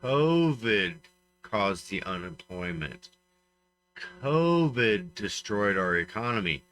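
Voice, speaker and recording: A man's voice: lowish voice, big pitch swings, slow pace, a bit bright, soft background music, rough recording. A man co-hosting a comedy podcast, giving emphatic, ranting opinions in casual banter. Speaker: podcast co-host.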